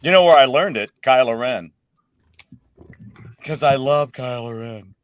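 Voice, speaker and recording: A man hosting a casual live show, joking around and laughing loudly with his guests. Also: medium pitch, unhurried, smooth. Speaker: host.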